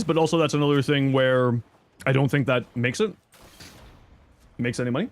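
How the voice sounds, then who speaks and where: A man livestreaming in casual chat, reading viewer messages aloud and thanking subscribers, thinking out loud. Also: normal speed, long pauses. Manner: squeaky high-pitched outbursts of surprise. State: chewing an apple.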